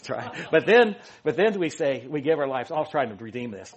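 A man's voice: mid-range voice, sing-song, normal speed, highs cut off. A man preaching an informal sermon, rambling and joking, correcting himself often with many restarts. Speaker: pastor.

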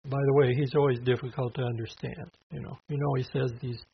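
A man with a husky, slightly breathy voice teaches through scripture verse by verse. He talks in a loose, conversational way, full of small asides. The recording sounds dull and lo-fi. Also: mid-range voice, level tone, brisk. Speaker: preacher.

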